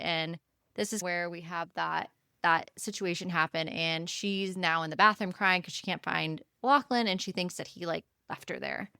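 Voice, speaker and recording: A woman co-hosting a casual book-club podcast, with a bright, forceful voice and crisp, smooth diction. She retells scenes in an animated way and slips into the characters' lines. The sound is dry and close. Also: fairly low pitch, no room sound. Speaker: podcast co-host.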